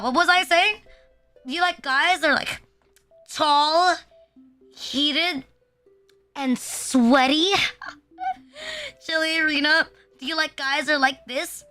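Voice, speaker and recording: A woman's voice: high-pitched, very animated, normal speed, sharp tone, soft background music. A young woman from the Philippines, chatting casually on a live stream in a rambling, self-deprecating way full of "like" fillers. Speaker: VTuber streamer.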